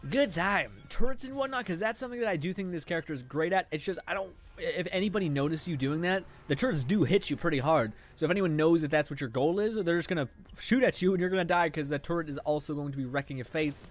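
This gaming channel host's voice is a little high and fast. He's a young man commentating casually on his gameplay, sarcastic and annoyed, cursing a lot and laughing when he loses.

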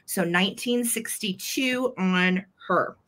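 Woman running a live vintage sale, super chatty n gushy, bright voice. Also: mid-range voice, slow. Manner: chatty and gushing, fond little words. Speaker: host selling vintage items live. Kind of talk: live sale chat, describing items.

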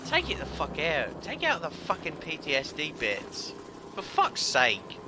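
Sweary gamer, animated voice. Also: male voice, on the high side, measured pace, background noise. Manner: sweary, loud bursts of outrage and laughter. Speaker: gaming streamer. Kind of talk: profane gameplay commentary. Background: game sounds.

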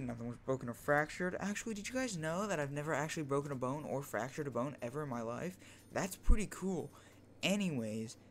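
A man's voice: on the high side, a little hiss or hum. Rambling young man telling a story. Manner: rambling, repeats "like" and "right?". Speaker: vlogger. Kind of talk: casual storytelling. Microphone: first microphone, home setup.

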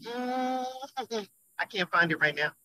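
A woman calling in from a car on the highway, telling an emotional church testimony in an animated way and laughing often as she goes. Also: takes it slowly, low-quality recording. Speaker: church member giving a testimony.

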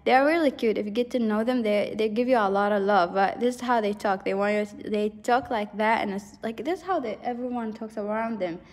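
A woman's voice: medium pitch, brisk, few pauses, in a large hall. A woman giving a pick-a-card tarot reading in a rambling, intuitive way, full of fillers and frequent laughs. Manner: intuitive, earnest, laughs often. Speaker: tarot reader.

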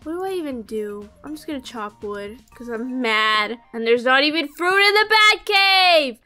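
A woman's voice: high voice, animated, moderate pace, pushed and bright, faint music behind. A young woman giving casual commentary on a farm game, dramatic, talking straight to the characters and gasping at finds. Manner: dramatic, talks to the game characters, sudden gasps. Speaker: gamer.

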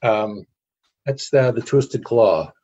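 A middle-aged man, guest on an interview show, telling anecdotes in a casual, animated way. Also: medium pitch, slow pace, lo-fi sound, background noise. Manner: animated anecdotes with acted quotes.

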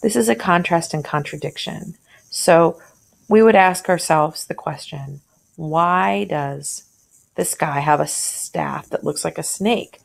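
A woman's voice: sits low, slow pace, gravelly. A woman teacher walking through a short story in a conversational way, thinking aloud and asking questions as she annotates.

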